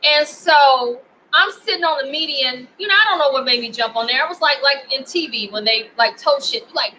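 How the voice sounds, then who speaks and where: Memphis woman, high bright voice, furious profane rant, faint hiss behind. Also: expressive, a little fast, rough recording. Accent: Memphis, Tennessee. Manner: profane, heated, indignant. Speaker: vlogger. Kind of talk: angry personal rant to camera.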